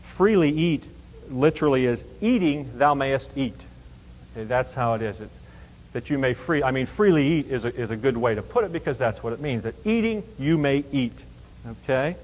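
A man's voice: mid-range voice, lively intonation, moderate pace, a little mellow. Man teaching scripture in a reverberant hall. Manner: emphatic, explains verse by verse with rhetorical questions. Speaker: Bible teacher. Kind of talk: Bible teaching sermon.

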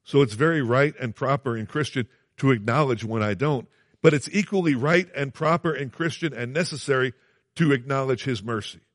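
A man's voice: mid-range voice, a little fast, dry recording, studio quality. A man preaching a sermon, earnest and emphatic, repeating phrases and asking his listeners questions.

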